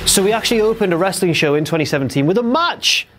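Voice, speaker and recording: Young host, casual and jokey, slightly higher voice, faint music underneath. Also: male voice, lively intonation, fast. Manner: jokey, chatty, breaks into silly impressions. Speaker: host of a wrestling recap show. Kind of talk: casual chat, recap.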